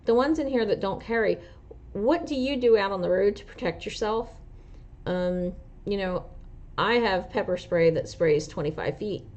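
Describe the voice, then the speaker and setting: Woman, New Jersey accent, lower voice, casual livestream host, rambling with fillers, dull lo-fi sound. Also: warm tone. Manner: rambling, lots of "you know" and "um" fillers. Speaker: truck driver and driving instructor, livestream host. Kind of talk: casual livestream chat, answering viewer comments.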